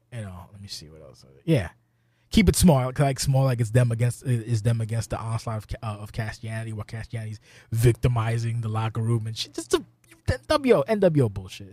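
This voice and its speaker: A man's voice: lowish voice, dark tone, no echo. A man hosting a podcast, talking loosely and profanely, rambling with sudden exasperated outbursts. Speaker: podcast host. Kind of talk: casual podcast chat.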